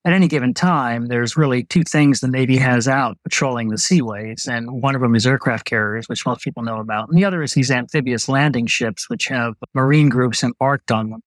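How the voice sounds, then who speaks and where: Older man, retired military doctor, anecdotal storyteller, medium pitch, dry sound. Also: a little fast, few pauses, no echo, low-quality recording. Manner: relaxed anecdotal telling with repeated starts. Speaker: retired Navy doctor, guest. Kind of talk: storytelling in an interview.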